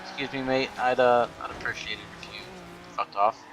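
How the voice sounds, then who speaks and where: A man voicing a rude male driver in a deliberately bad fake accent, swearing at another car. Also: medium pitch, fairly even intonation, noisy background, natural voice. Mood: sarcastic polite.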